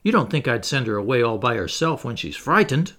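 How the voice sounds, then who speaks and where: A man reading a storybook aloud, voicing a cocky, confident young boy who leads the others in a brisk, boastful tone. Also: medium pitch, sing-song, fairly bright tone. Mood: stiff.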